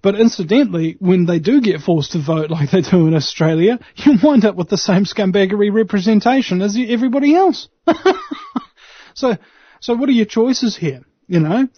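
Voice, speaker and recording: A man's voice: high-pitched, a little fast, slightly rough, no room sound. A male talk radio host rambling through an opinionated monologue, full of fillers and restarts. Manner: opinionated ranting. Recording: slightly muffled radio broadcast.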